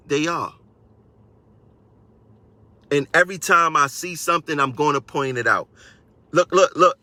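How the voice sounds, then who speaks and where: A man rants on a live stream to his fellow transit workers, hammering each point by saying it twice. His voice is forceful and tense, pitched a bit high, and it sounds dry and close with no room echo. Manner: combative, repeats phrases for emphasis. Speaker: transit union member. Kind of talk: live-stream rant to viewers.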